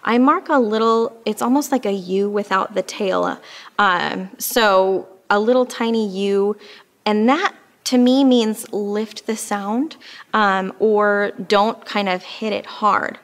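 A woman's voice: mid-range voice, slow pace. A woman teaching an oboe lesson, explaining patiently and with frequent fillers. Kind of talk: instructional music lesson.

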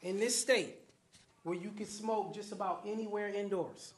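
A man giving a lively talk at a community event, often putting questions to the audience. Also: high voice, normal speed. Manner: animated, addresses the crowd with questions. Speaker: guest speaker, program manager. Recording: echoey hall.

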